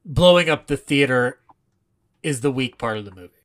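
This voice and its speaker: A podcast co-host in a casual film analysis chat, animated and laughing often. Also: mid-range voice, normal speed, a crowd in the background.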